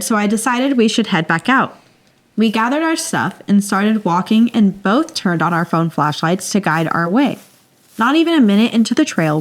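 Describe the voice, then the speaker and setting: A woman co-hosting a podcast, reading a listener's story aloud in a playful, dramatic way and laughing often. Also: mid-range voice. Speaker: podcast co-host.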